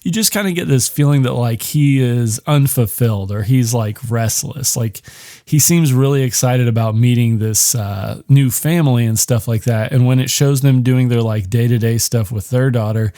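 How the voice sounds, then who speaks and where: A man's voice: medium pitch, moderate pace, warm tone, no echo, clean studio sound. Profane, rambling man recapping a film. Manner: rambling, profane, heavy on fillers. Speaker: podcast host.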